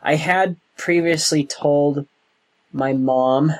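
A young man being interviewed, talking in a slow, thoughtful way with many pauses and restarts. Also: on the high side, darkish tone, low-quality recording. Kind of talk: oral history interview.

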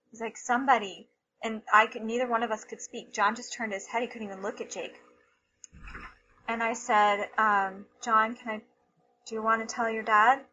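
A woman, a mother, telling a personal story in an interview, animated and repeating herself, often laughing. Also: fairly high pitch, fairly quick, lo-fi sound, slight background noise.

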